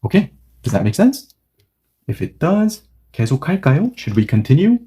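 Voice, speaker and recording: Male language teacher, mellow voice, animated delivery, patient and explanatory. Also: a little high, fast talker. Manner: patient, checks understanding often. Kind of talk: online grammar lesson.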